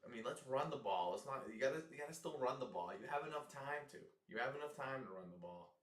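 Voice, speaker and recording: A man giving casual live reactions to a football game, excitable and exasperated, often repeating himself. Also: mid-range voice, fast, reverberant, far from the mic.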